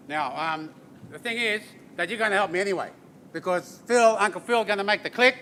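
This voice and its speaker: Man, Australian accent, high pitch, chatty storytelling presenter, keeps checking in with "yeah?". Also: a little fast, background noise. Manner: joking, chatty, often ends with "yeah?" and "eh?". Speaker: artist giving a talk and didgeridoo demonstration. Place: corporate event space at a briefing.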